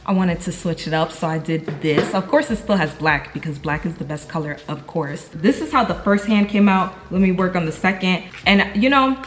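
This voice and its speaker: A young woman with a New York accent talks casually to her camera, slangy and chatty, calling her viewers "y'all" in spirit. Her voice sits somewhat low for a woman. A faint ambient hum of the room is audible behind her. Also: normal speed, hardly any pauses. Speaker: vlogger.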